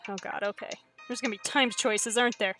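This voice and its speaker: A woman's voice: a little high, steady tone, quick pace, fairly bright tone, soft background music. A young woman streaming a story game, reading it aloud and chatting in a self-deprecating way. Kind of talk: reading a visual novel aloud while streaming.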